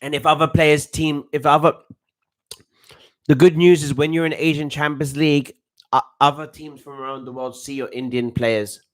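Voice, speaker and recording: A fairly high-voiced man rambles through a live football match reaction. He talks like a coach, excitable and full of slang and restarts. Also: moderate pace.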